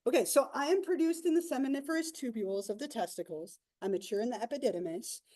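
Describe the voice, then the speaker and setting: A woman's voice: a little high, lively intonation, fast talker, mellow. A woman voicing a sperm cell that tells its own journey, reading a first-person worksheet aloud. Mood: matter-of-fact.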